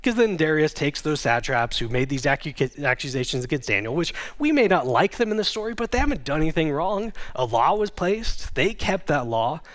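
A man's voice: a little high, very animated, fairly quick, hardly any pauses. A man, a pastor, gives a conversational sermon, retelling a scripture story and reading it aloud. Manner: conversational storytelling with dramatic quoted voices.

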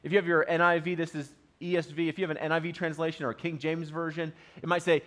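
A man's voice: fairly high pitch, flat delivery, fast, few pauses, a bit bright. A man preaching a sermon in a conversational, storytelling manner. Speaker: pastor.

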